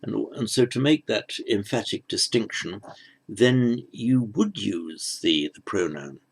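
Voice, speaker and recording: A man teaching a recorded grammar lesson in a measured, explanatory way, often restarting his phrases. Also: lowish voice, expressive, vocal fry, breathy edge. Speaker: language teacher.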